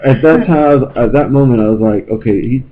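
A man's voice: mid-range voice, fast. A man telling a story in casual podcast chat, acting out quotes with lots of swearing. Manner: animated, acts out quotes, swears freely. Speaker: podcast co-host. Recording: lo-fi with faint room noise.

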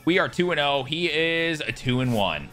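A man giving excitable live commentary on his own gameplay, swearing freely and yelling at big plays. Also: a little high, normal speed, soft background music. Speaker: gaming YouTuber.

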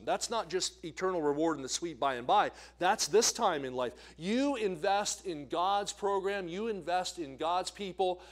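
A man preaching as an evangelist in a church, swinging between loud emphasis and quiet asides. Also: fairly high pitch. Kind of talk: sermon. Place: church sanctuary.

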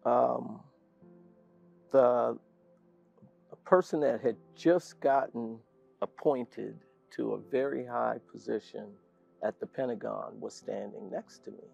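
An older man, a guest in an interview, telling an animated story and laughing often. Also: medium pitch, slow pace, gravelly, soft background music. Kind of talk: storytelling anecdote in conversation. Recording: dull lo-fi sound.

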